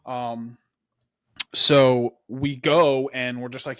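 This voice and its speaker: A man's voice: medium pitch, steady tone, moderate pace, a bit bright, no room sound. Laid-back young man, dry close mic. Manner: laid-back, peppers speech with "man" and "dude". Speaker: podcast host. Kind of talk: casual storytelling chat.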